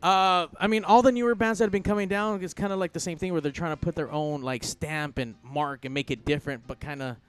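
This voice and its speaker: A man's voice: a little high, fairly even intonation, fast, few pauses, noisy background. A man hosting a casual podcast, with crude, joking banter and a Southern California accent. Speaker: podcast host. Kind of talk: casual raunchy podcast chat.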